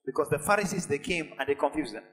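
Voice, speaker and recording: High-voiced man preaching a sermon. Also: lively intonation, quick pace, fairly bright tone, poor audio. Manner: preaches with rising intensity and emphatic repetition. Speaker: pastor.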